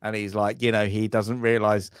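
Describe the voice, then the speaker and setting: A man's voice: on the low side, flat delivery, moderate pace, smooth, dry recording, studio quality. A man co-hosting a casual film review podcast, rambling and acting out lines from the movie. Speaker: podcast co-host. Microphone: home podcast mic on a live stream.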